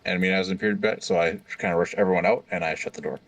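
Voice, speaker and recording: Deep-voiced man on a distant, dry mic. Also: fairly even intonation, gravelly, a bit bright, no echo. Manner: rambling, halting planning talk. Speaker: player. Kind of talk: casual tabletop game chat.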